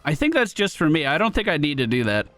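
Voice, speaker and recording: A man casually commenting on his game run, chatty and excitable, thinking out loud and swearing now and then. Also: a little high, quick pace, faint music behind. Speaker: let's play streamer.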